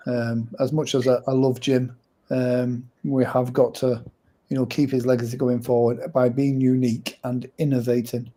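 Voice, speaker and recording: A man hosting a live online talk show, relaxed and chatty, thanking viewers by name. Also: mid-range voice, normal speed. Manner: warm thanks, relaxed, gives shout-outs. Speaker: show host. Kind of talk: casual chat.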